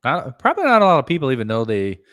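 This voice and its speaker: A man's voice: mid-range voice, huge pitch swings, racing, fairly bright tone, dry recording. A man co-hosting a podcast in casual chat, dry and opinionated. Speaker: podcast co-host.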